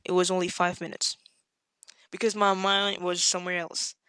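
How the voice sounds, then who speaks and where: A woman, a podcast guest, tells a story in a casual chat and acts out the quotes with sudden leaps in pitch. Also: level tone, normal speed, a bit bright, clear, resonant tone, dry recording, studio quality.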